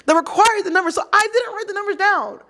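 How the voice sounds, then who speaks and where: A woman tells a story at a quick clip in casual chat, her voice high and bright in pitch. She is animated and keeps acting out the people in her story. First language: English. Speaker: guest.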